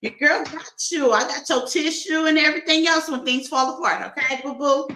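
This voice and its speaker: A woman's voice: high-pitched, brisk, pushed and bright, echoey room, poor audio. A woman doing a casual tarot reading for her viewers, playful and laughing often as she talks to them like friends. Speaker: tarot reader.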